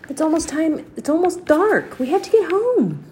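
A woman's voice: a little high, expressive, moderate pace, a little mellow, slight background noise, voice pushed up, lightly acted. A cautious eight-year-old boy, as a woman reading aloud puts him on, talks with worried exasperation. His voice sits a little above the reader's own. He comes across as skeptical and careful, like a storybook character. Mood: worried calling.

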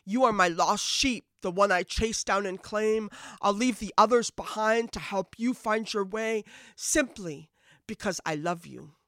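A woman voicing God in a spoken-word poem, gentle and reassuring toward a hurting daughter. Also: mid-range voice, unhurried, no echo, clean studio sound, voice pushed up. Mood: tender. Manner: gentle, reassuring, steady recitation. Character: tender patient loving God speaking to a daughter.

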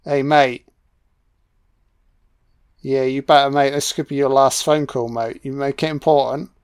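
British guy, film commentary, slow drawl, foul-mouthed sarcasm, dry close sound. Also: mid-range voice, level tone, clear, resonant tone, no room sound. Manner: sarcastic, heavily profane mockery. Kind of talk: audio commentary, riffing on a film.

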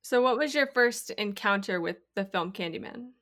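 A woman's voice: mid-range voice, expressive, normal speed, a bit bright. Woman, podcast co-host, casual chat, thoughtful, hesitant.

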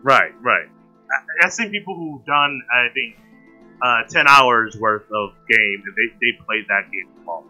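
A man's voice: medium pitch, lively intonation, a little slow, sharp tone, lo-fi sound, soft background music. A man chatting casually on a podcast, stumbling over his words with many fillers.

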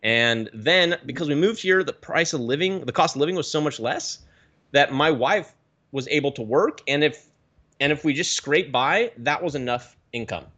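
A man in his thirties from the Pacific Northwest, a guest telling his story in a casual interview with lively swings of pitch. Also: normal speed, lo-fi sound. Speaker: guest, reef aquarium YouTuber.

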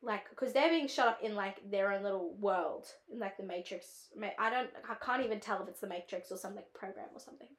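A woman's voice: mid-range voice, a little fast, hardly any pauses, echoey room. An Australian woman hosting a casual film-review podcast, rambling with lots of "like" and wandering off on tangents. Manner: rambling, heavy use of "like", drifts into tangents. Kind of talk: casual chat.

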